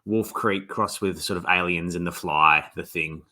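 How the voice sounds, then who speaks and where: An Australian man, an author being interviewed, talking in a relaxed, rambling way with many restarts. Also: deep voice, moderate pace. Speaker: author guest. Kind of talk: casual interview.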